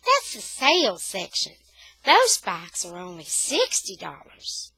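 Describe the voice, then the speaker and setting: A woman reading aloud, voicing a brisk, chatty shop lady at a secondhand store. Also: medium pitch, huge pitch swings, bright, forceful tone, slightly rough, no echo, heavily acted.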